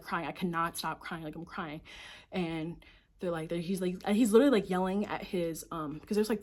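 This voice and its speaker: A young woman recounting a painful ordeal in an emotional storytime vlog. Her voice sits a little low for a woman, and she leans hard on filler words and the odd curse as she talks. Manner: emotional, heavy use of filler "like", profane. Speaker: vlogger.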